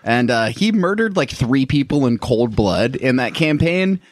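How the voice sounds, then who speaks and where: A man's voice: mid-range voice, big pitch swings, unhurried, no echo, studio quality. A man in casual podcast chat, rambling and swearing freely, a little self-mocking. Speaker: tabletop game player on a podcast.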